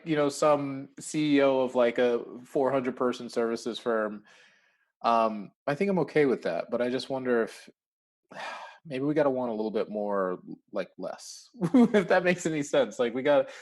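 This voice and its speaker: A man's voice: mid-range voice, a little mellow. Reflective man, podcast guest. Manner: reflective, hesitant, many fillers. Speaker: podcast guest, company founder. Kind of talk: casual interview.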